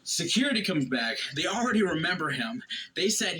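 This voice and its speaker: A man casually retelling a family anecdote, lively and anecdotal. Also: fairly high pitch, a little fast, poor audio. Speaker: storyteller. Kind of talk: casual storytelling.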